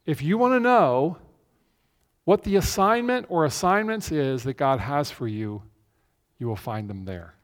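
A man's voice: a little high, animated, measured pace. A male pastor giving a conversational sermon, repeating key phrases for emphasis, in a church. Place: church with a screen behind him. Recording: long reverb of a large hall.

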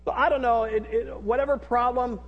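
A man's voice: very high-pitched, steady tone, fairly quick, big-room sound, highs cut off. A middle-aged man preaching a sermon in an earnest, repetitive way, leading the congregation to repeat lines after him. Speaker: pastor.

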